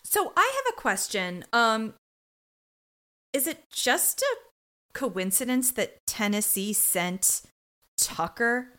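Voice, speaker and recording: A woman's voice: fairly high pitch, big pitch swings, takes it slowly, long pauses, bright, forceful tone. A woman co-hosting a podcast, recapping a crime show in casual chat, joking and putting on voices for the characters. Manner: jokey, does voices of characters. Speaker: podcast co-host.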